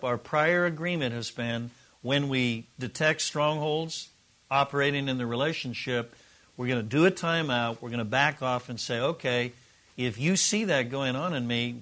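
A man's voice: medium pitch, a bit bright. A middle-aged man teaching a relationship course to a group in a room, earnest and conversational, sometimes acting out sample dialogue. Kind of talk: teaching a class to a live group.

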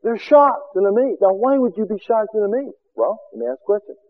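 A man preaching a sermon as a seminar teacher, firing rhetorical questions and swinging from loud exclamations to quiet asides. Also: high voice, sing-song, fast, phone-quality sound.

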